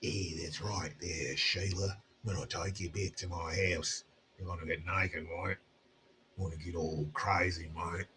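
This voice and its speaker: A man's voice: low voice, fairly even intonation, unhurried, noisy background, pitched below the performer's own voice. A man putting on a mock Australian accent to play a crude, swaggering bloke who ends every line with "mate", in a podcast commentary. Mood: low, leering. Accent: put-on Australian. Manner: mocking, tacks on "mate" constantly.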